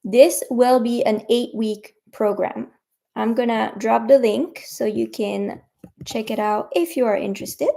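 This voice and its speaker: A woman's voice: fairly high pitch, fairly even intonation, unhurried, vocal fry, warm tone. A woman with a French accent, a native French speaker, teaching and coaching viewers in a casual livestream, chatty and encouraging as she addresses them directly.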